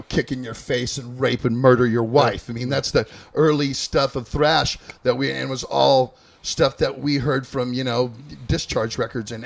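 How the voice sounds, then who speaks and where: Man, interview host, gravelly voice, halting, repeats words. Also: mid-range voice. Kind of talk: casual interview.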